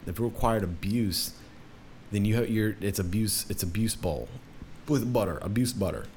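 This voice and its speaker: A man's voice: lowish voice, lively intonation, moderate pace, darkish tone, a little hiss or hum. A young man ranting casually, swearing a lot and restarting his sentences often. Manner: profane, rambling, many restarts. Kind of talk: casual rant.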